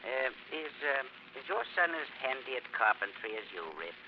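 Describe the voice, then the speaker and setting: A grumbling, hesitant villager. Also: male voice, mid-range voice, big pitch swings, moderate pace. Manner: hesitant, full of uh's. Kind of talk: 1940s radio acting. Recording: muffled old radio transcription with hiss.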